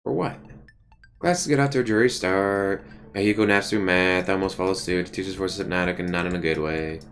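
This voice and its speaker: A man streaming a visual novel, reading the text aloud in a casual way with quick asides. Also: sits low, fairly bright tone, soft background music. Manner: casual, reads every part, quick asides.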